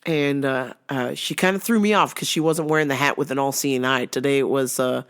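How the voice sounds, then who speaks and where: A woman's voice: very deep voice, brisk, smooth. A woman hosting a podcast, telling a work story in a blunt, profane, casual comedic way. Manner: blunt, profane, laughs often. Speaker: podcast host.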